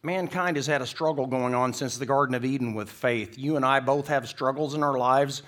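A middle-aged pastor preaches to his church in a folksy, storytelling way. He jokes at his own expense and acts out the people in his stories. His voice sits at an ordinary middle pitch. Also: fairly quick, few pauses, fairly bright tone. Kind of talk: sermon.

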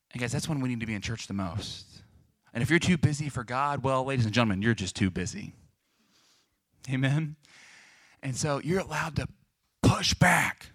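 A man in his twenties, a pastor preaching a sermon that moves from casual storytelling to loud, forceful preaching. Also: medium pitch, no echo. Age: 20s.

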